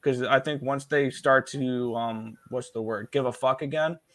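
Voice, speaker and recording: Man, dry close sound, casual chat, calm betting talk. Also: mid-range voice, measured pace, no room sound. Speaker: show guest.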